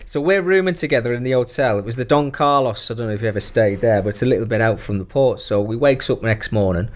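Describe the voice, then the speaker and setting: A man's voice: mid-range voice, fast. A middle-aged man, a former footballer telling profane stories in casual chat and laughing through them. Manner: profane, laughing anecdote-teller. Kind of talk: casual storytelling.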